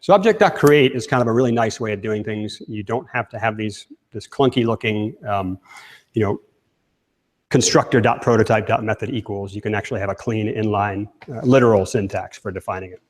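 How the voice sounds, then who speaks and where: A man's voice: fairly low pitch, fairly quick. Casual male speaker in reverberant hall. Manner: casual, asks the audience questions. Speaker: conference speaker. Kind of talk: live technical talk. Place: talk room with audience.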